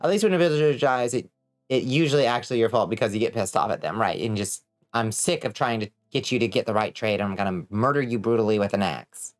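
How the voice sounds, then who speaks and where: A woman streaming a game, chatting casually, reading chat and swearing a lot when excited. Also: a bass voice, fast, faint music behind. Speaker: vtuber streamer.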